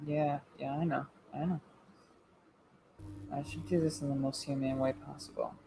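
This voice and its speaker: A player in a tabletop game, talking casually, quietly and with easy laughter. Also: mid-range voice, little pitch movement, moderate pace, creaky, noisy background.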